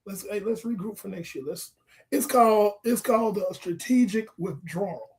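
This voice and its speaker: A man co-hosting a casual sports podcast, joking and acting out movie scenes in an animated way. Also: sits high, normal speed. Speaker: podcast co-host.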